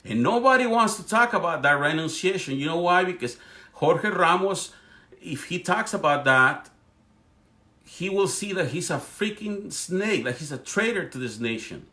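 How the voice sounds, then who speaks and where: A man's voice: on the high side, animated, moderate pace, sharp tone. Fervent man with a Spanish accent. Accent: Spanish-accented English. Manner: fervent, speechifying, frequent restarts. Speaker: livestream host. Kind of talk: political commentary monologue.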